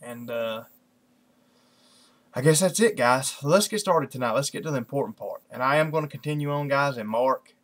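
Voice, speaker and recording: A man's voice: medium pitch, normal speed, a bit bright. A man, a lay preacher talking casually into his computer mic before reading scripture, rambling with many fillers. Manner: rambling, many fillers like "you know" and "kinda". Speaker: lay preacher hosting an online Bible study.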